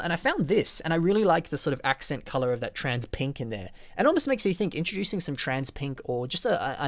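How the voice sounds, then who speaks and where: A man's voice: medium pitch, no room sound. Chatty man rambling through feedback, dry sound. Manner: chatty and rambling, full of fillers. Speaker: host reviewing fan building projects. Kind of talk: casual video commentary.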